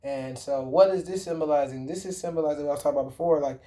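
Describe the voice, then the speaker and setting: A man's voice: on the high side, racing, mellow. A man talking casually to his viewers about a film, rambling and slangy, with lots of swearing, fillers and self-corrections. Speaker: vlogger. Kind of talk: casual movie talk.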